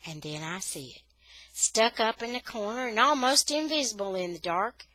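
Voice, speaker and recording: A woman reading a children's novel aloud for English learners, with steady, expressive storytelling. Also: a little high, normal speed, no echo.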